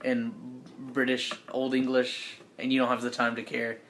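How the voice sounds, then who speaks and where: An easygoing man runs a tabletop game, describing scenes in a relaxed, halting way. His voice sits at an ordinary middle pitch. Now and then he tries a clumsy accent for a side character. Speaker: game master. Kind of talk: narrating a tabletop role-playing game.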